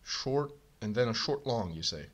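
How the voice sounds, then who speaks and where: A man reading a bomb manual aloud in a casual co-op game, hurried and muttering. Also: medium pitch, animated, fairly bright tone. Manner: hurried, mutters while searching, bursts into laughter. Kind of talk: casual gaming chat.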